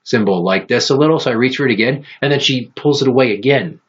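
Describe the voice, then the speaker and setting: A man hosting a podcast, telling profane, animated stories in casual chat. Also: medium pitch, fast, husky, dull audio. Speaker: podcast host.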